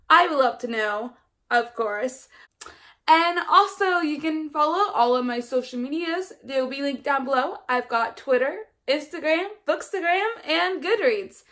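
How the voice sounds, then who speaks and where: A woman's voice: sits high, expressive, a little slow, fairly bright tone. A young woman talking casually as a book vlogger, chatty and rambling with many ums and restarts. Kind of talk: casual vlog chat.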